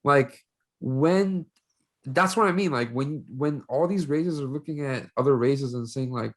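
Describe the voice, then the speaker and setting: A young man from Korea, a native Korean speaker, talks on a casual podcast. He is heated and swears in almost every sentence. His voice sits at an ordinary middle pitch. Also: measured pace. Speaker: podcast co-host.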